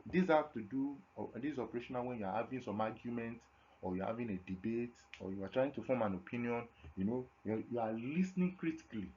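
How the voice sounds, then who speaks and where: Male lecturer from Nigeria, mid-pitched, poses his own questions to the class, repeats for emphasis; lo-fi dull recording. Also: quick pace, warm tone. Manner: asks the class questions and answers them himself. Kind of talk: classroom lecture on communication skills. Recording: dull lo-fi recording with faint noise.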